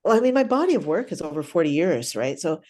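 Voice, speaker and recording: Low-voiced older woman telling stories. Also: fast talker. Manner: animated, chatty, keeps adding "right?". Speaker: clown teacher and guest. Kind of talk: casual storytelling interview.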